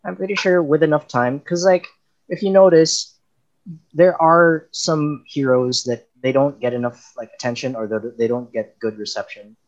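A man's voice: medium pitch, steady tone, moderate pace. A man in casual chat as a podcast co-host, arguing his points at length. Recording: dull lo-fi mic.

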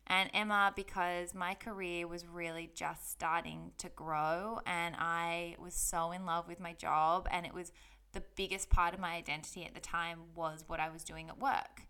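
A woman's voice: on the low side, pushed and bright, clean tone. A young woman telling her personal story in a candid, heartfelt, chatty way on her vlog. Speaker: vlogger.

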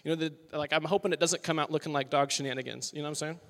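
A young man in his twenties gives a loose, joking sermon to a college crowd, chatty and upbeat. His voice sits high and sounds bright and forceful. The room rings with the long reverb of a large hall. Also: steady tone, very fast. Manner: chatty and upbeat, full of "like" and "you know". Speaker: worship leader preaching. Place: large worship hall with live audience.

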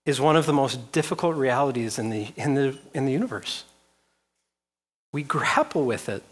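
A man delivers a sermon at a slow, deliberate pace, stacking phrase upon phrase in emphatic rhetorical lists. He presses his points with repeated questions, speaking as the congregation's pastor. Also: fairly high pitch.

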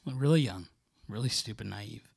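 A man's voice: fairly low pitch, moderate pace, gravelly, breathy edge, dry recording, studio quality. A man telling childhood stories in a casual chat. He rambles, restarts and fills his talk with "like", with bursts of laughter. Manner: rambling, filler-heavy, many "like"s and restarts.

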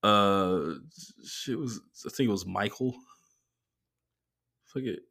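A man hosting a solo podcast, telling rambling, profane stories in a casual, animated way. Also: fairly low pitch, slow, creaky. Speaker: comedian and podcast host.

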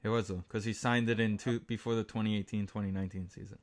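A man in casual sports chat, telling stories with quick asides. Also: on the low side, little pitch movement, dry recording.

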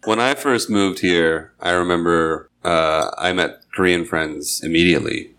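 A man in a casual group chat, telling stories in an animated way with casual swearing. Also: deep voice, unhurried. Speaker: expat panelist.

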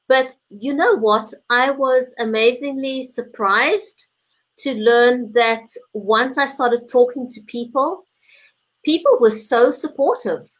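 A woman's voice: fairly high pitch, a bit bright. A woman co-hosting a casual live-stream chat, earnest and a little rambling, with frequent fillers. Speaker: co-host.

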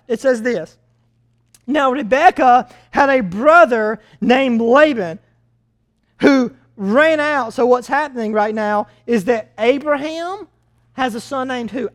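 A high-pitched preacher teaching through a Bible passage in an animated, conversational way. The delivery keeps throwing questions at the listeners and then answering them. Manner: animated, asks the audience questions.

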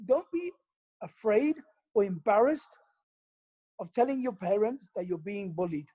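High, husky-voiced man. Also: sing-song, measured pace, mellow, dry recording. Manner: emphatic, gives advice. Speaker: guest, businessman. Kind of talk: casual chat.

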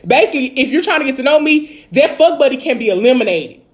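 A woman with a Dallas accent vents in casual chat, her voice sitting fairly high. She talks bluntly and profanely, full of filler phrases, and gets heated. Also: lively intonation, fast. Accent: Dallas, Texas.

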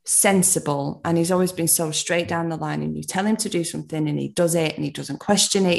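Woman, British accent, casual podcast chat, low voice, vocal fry, laughs often. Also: darkish tone. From United Kingdom. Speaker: podcast guest.

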